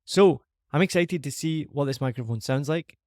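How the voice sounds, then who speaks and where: A man's voice: fairly high pitch, normal speed, a little mellow, no echo, clean studio sound. A Scottish man hosting a podcast, chatting casually and upbeat as he reviews a microphone, recorded on a dynamic mic in a large living room. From Scotland. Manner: upbeat, chatty, self-deprecating. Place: large empty living room with shiny surfaces. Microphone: dynamic microphone on a boom arm.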